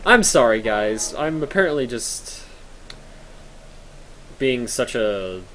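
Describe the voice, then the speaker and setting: A man's voice: medium pitch, big pitch swings, slow, fairly bright tone, poor audio. A young man chats casually while streaming a game at home, rambling from joke to joke and answering his viewers. His voice sits in a middling range. A faint hiss of background noise runs under the recording. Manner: rambling, joking, reads chat aloud. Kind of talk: casual live-stream chat while gaming.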